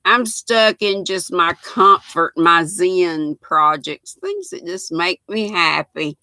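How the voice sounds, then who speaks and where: Older North Carolina woman, Southern accent, livestream host; bright and gravelly, folksy. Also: on the low side, expressive, takes it slowly, dry recording. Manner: chatty, folksy, greets viewers by name. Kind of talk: casual livestream chat reading comments.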